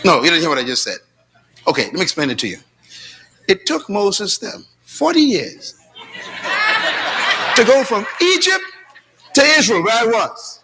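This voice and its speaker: A pastor preaches dramatically in a church, swinging from shouts to low asides and telling stories with quoted dialogue as the congregation responds. He is very animated, speaks at normal speed, pauses often, and has a breathy edge.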